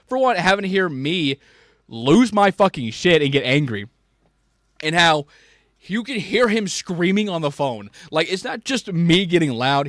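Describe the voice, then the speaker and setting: A man telling a work story in casual chat, animated and profane, jumping between loud rants and quiet asides. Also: fairly high pitch, no room sound, studio quality. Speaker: podcast host.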